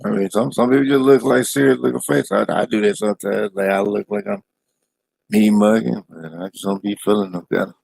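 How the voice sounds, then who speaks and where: A man in casual chat, relaxed, repeating words as he gets going. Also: lowish voice, fairly quick, vocal fry, slightly rough, no room sound.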